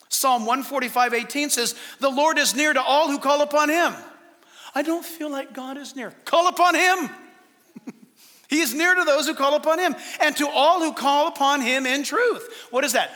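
A man with a very high, bright voice preaches a sermon with animated swings in pitch. He acts out little voices and quotes as he goes, his words ringing through a large hall with a long reverb. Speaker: pastor.

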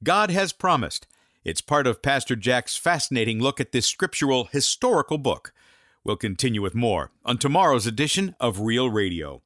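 A man's voice: medium pitch, big pitch swings, moderate pace, a bit bright. A male radio announcer with a mid-range voice that moves up and down a lot as he reads. The sound is dry and close, with no room echo. He reads a scripted wrap-up for the show.

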